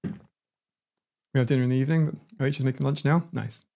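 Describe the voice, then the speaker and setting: A man's voice: medium pitch, fairly even intonation, fast, vocal fry, mellow. A man hosting a livestream in a casual, rambling chat. He laughs often and restarts his words. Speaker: livestream host.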